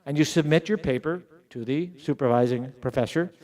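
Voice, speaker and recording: A middle-aged man giving a conference keynote, emphatic, slowing down and repeating words to stress his points. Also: a little high, darkish tone. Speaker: keynote speaker at an education summit. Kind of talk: conference speech.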